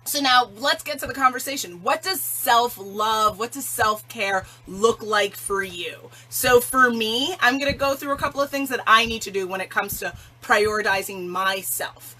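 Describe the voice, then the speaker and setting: A woman's voice: a little high, normal speed, hardly any pauses, bright, forceful tone, rough recording. A woman hosting a self-love livestream challenge, speaking casually and emphatically, often laughing. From Jamaican family.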